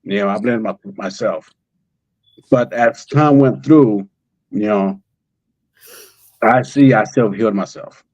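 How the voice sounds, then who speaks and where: A man talking in an emotional conversation, halting and repeating words as he speaks through tears. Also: fairly low pitch, darkish tone, no room sound, highs cut off. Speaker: guest, father of a missing daughter.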